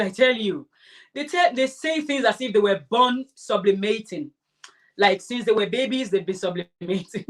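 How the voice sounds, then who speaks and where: A woman hosting a crafting livestream, chatting casually and warmly answering her viewers' comments. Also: fairly high pitch. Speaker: crafting channel host.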